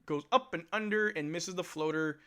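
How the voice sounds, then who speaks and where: A man hosts a live stream, calling a game play by play as a fed-up fan. His voice sits a little high and has a sharp, forceful edge. He talks bluntly and uses slang. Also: normal speed. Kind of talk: casual fan play-by-play commentary.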